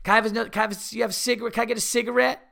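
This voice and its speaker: A man's voice: very high voice, little pitch movement, racing, creaky, pushed and bright, pitched above the performer's own voice, full character voice. A man voicing a brusque, rude woman who is bumming a cigarette, with an abrupt, dismissive manner.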